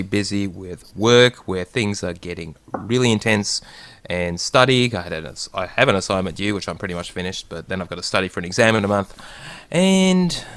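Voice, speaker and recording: A man co-hosting a podcast, talking in a lively, talkative casual chat. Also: lowish voice, no room sound. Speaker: podcast co-host.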